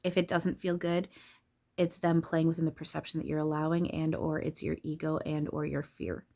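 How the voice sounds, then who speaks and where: A woman's voice: sits low, flat delivery, normal speed, gravelly, dark tone. A woman channeler talking casually and candidly about spirituality, swearing freely and laughing often.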